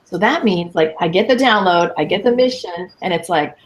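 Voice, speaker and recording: Woman in her 50s, animated coach chatting, punchy and emphatic, acts out little quotes. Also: lowish voice, moderate pace. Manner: lively, emphatic, quotes people in playful voices. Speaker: guest coach. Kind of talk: casual interview chat.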